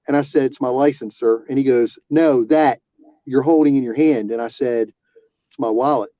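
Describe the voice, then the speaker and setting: A man, an auxiliary police officer, telling a personal story in casual talk, halting with restarts and fillers. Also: medium pitch, dry recording. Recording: dull lo-fi sound.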